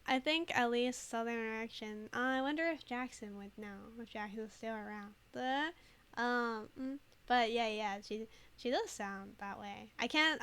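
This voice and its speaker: A woman's voice: a little high, bright, forceful tone, clear, resonant tone. A woman streamer chatting casually over a game, laughing often and thinking aloud with lots of fillers. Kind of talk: casual let's play commentary.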